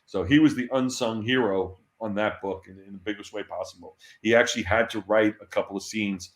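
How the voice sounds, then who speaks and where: A man being interviewed, telling animated anecdotes and laughing often. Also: on the low side, brisk. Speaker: interview guest. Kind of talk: storytelling in an interview. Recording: roomy echo.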